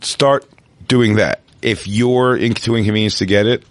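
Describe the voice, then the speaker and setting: A podcast co-host in casual comedic banter, riffing with crude teasing jokes. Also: male voice, lowish voice, steady tone, normal speed, no echo.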